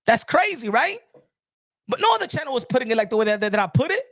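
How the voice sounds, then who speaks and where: High-voiced excitable boxing commentator man. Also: fast, dry recording, clean studio sound. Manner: excitable, ranting, with repeated restarts.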